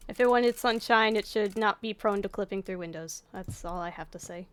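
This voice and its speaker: A woman's voice: mid-range voice, normal speed, clear, resonant tone. A woman chatting casually to herself while playing a game, swearing offhandedly as she goes. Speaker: let's-play gamer. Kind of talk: casual gameplay commentary.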